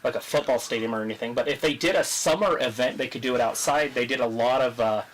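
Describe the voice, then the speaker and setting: A man hosting a casual live wrestling watch-along, chatting, joking and reading viewer comments aloud while his voice grows hoarse. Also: mid-range voice, quick pace, low-quality recording. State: losing his voice. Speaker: livestream host.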